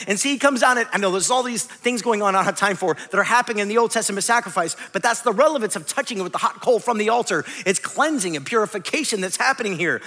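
A male pastor preaching a sermon dramatically, swinging between loud bursts and hushed, quiet passages. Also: sits high, breathy edge, big-room sound.

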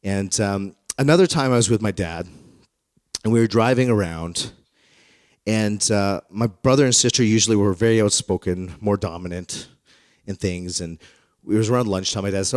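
A man in his thirties preaching a sermon through personal stories, in a conversational, self-deprecating manner that grows animated when he retells dialogue. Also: fairly low pitch, normal speed, dry recording, studio quality. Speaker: pastor. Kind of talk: storytelling sermon.

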